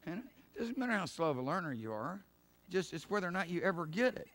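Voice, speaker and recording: A middle-aged male pastor giving a sermon in an emphatic, conversational way, with laughs and quick asides. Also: sits high, very animated, fairly bright tone.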